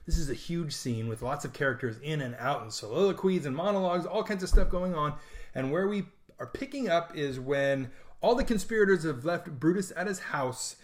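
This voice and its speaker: A man's voice: on the high side, animated, brisk. Chatty man explaining a play in slang. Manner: reads the play's lines aloud, then retells them in slangy modern words; chatty and jokey. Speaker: literature teacher. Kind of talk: casual lesson, paraphrasing a play.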